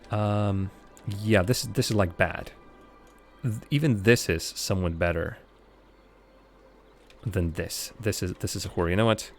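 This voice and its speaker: Streaming a city-building game live, this man keeps up casual gameplay commentary, musing out loud with plenty of fillers and teasing himself over his blunders. His voice sits on the low side.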